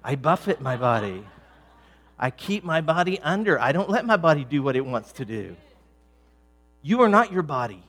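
A middle-aged man preaching a sermon, talking conversationally with many restarts and repeated words, building to emphatic, louder peaks. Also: mid-range voice, big pitch swings, normal speed, breathy edge. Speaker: pastor.

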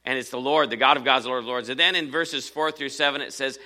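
Bright-voiced preaching man. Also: mid-range voice, steady tone, quick pace, few pauses. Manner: earnest preaching, repeats phrases for emphasis. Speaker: pastor. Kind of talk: sermon.

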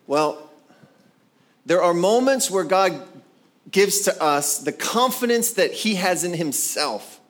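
A man preaching a sermon, animated and conversational, acting out scripture scenes with playful voices. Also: high voice, takes it slowly. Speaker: pastor.

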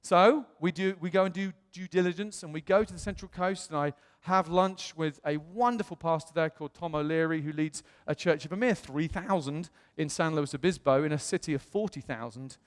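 British male pastor, higher-pitched voice, animated storytelling sermon, long hall reverb. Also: a little fast, hardly any pauses. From England. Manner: animated, acts out quoted voices.

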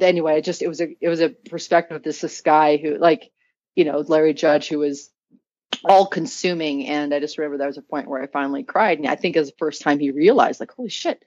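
A woman telling an animated story in casual chat, swearing a lot and laughing often. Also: deep voice, fairly quick, dry recording. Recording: dull, dry sound.

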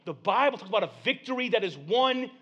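Animated high-voiced male preacher. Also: fast talker, breathy edge, lo-fi sound. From Flint, Michigan. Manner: animated storytelling, acting out voices. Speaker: pastor. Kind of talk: sermon.

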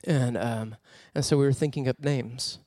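A man preaching a sermon as a personal story, animated and laughing often as he tells it. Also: mid-range voice, moderate pace, no room sound, clean studio sound.

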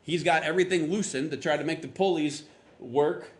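A man preaching a sermon, telling a personal story in a casual, conversational way and acting out the dialogue. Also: brisk. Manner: conversational storytelling, acts out quotes with rising pitch. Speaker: pastor.

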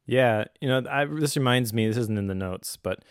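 A man co-hosts a faith and family podcast, telling stories casually and laughing easily. His smooth, mid-range voice moves at a moderate pace in clean studio audio with no room sound.

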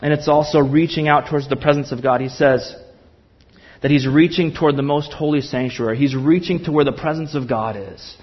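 A man's voice: a little high, a little fast, lo-fi sound. A man preaching a sermon in church, earnest and impassioned, with emphatic repetition. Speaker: pastor.

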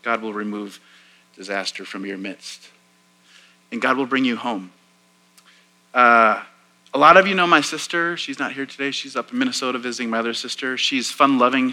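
A man's voice: mid-range voice, moderate pace, bright, forceful tone, rough recording. A man in his forties, a pastor preaching a sermon in church, telling a personal story in a chatty, self-deprecating way with plenty of fillers. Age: 40s. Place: church sanctuary.

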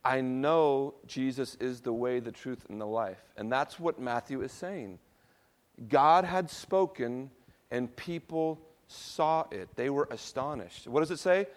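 A man preaching a sermon to his church, drawing the congregation into call-and-response and moving between soft, low passages and loud ones. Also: unhurried. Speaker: pastor.

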